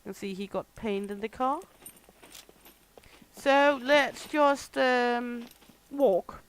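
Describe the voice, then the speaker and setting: A woman's voice: on the high side, slow pace, clean tone. A young adult woman whose first language is Danish, explaining game features and listing items on a gameplay livestream. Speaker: streamer. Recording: noisy game audio behind.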